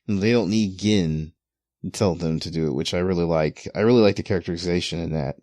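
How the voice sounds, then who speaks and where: A man's voice: low-pitched, fast talker, a little mellow, dry recording. A man hosting a casual podcast chat, rambling with lots of fillers and restarts as he talks through manga pages. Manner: rambling with many "you know" fillers and repeated restarts. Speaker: podcast host.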